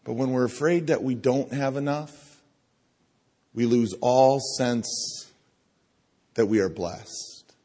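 Slow-talking man preaching in a reverberant church. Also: mid-range voice, warm tone. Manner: conversational preaching, coaxing the congregation to repeat phrases. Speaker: pastor. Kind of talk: sermon. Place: church sanctuary. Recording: long hall reverb.

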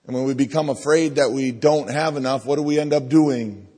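A pastor preaching a sermon in a church, talking conversationally and coaxing the congregation to repeat phrases to each other. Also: male voice, mid-range voice, brisk, dark tone, breathy edge. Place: church sanctuary. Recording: long hall reverb.

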